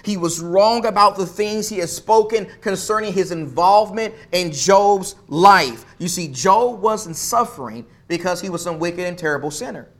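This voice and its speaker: Emphatic high-voiced male preacher. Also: normal speed, few pauses. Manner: emphatic, repeats phrases for stress. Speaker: pastor. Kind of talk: sermon.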